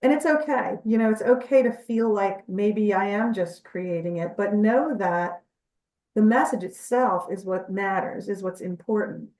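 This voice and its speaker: A woman speaks as an interview guest, earnest and chatty as she explains. Her voice sits in a middle pitch. She sounds set back from the microphone in an echoey room. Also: darkish tone, recorded from a distance. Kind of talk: conversational interview storytelling.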